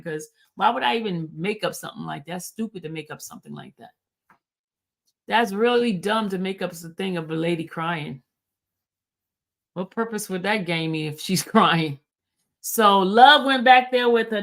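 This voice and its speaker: Her fairly high, fairly bright voice carries a livestream recap in which she speaks informally to the people in her chat. As host, she reads court filings out loud and stumbles on the legal terms.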